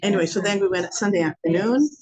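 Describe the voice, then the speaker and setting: A woman's voice: medium pitch, fast talker, poor audio. A woman from Canada telling a personal story to a class in a casual way, acting out the lines of the people in it. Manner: lively, acts out dialogue in her telling. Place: room with a group of listeners. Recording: busy room with crowd noise. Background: chatter and laughter of the audience.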